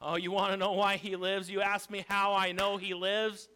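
A man preaching a sermon in a strikingly high, bright and ringing voice. He swings from hushed, low stretches to emphatic shouting, hammering his points with repetition. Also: level tone, moderate pace, hardly any pauses, clear, resonant tone.

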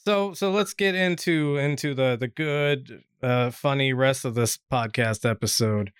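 A man's voice: medium pitch, a little slow, noisy background. A man hosting a podcast in casual chat, laid-back, with many fillers and easy laughs. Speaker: podcast host.

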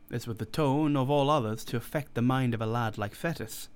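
A man narrates a classic story at a measured pace. His voice sits at a middling pitch. The delivery is formal and even. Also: clean tone. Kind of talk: audiobook narration.

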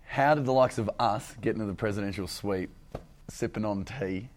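A man's voice: lowish voice, moderate pace, slight background noise. A man with an Australian accent chats as a comedian guest, spinning self-mocking stories with plenty of laughter. His delivery is loose and casual, landing jokes about himself.

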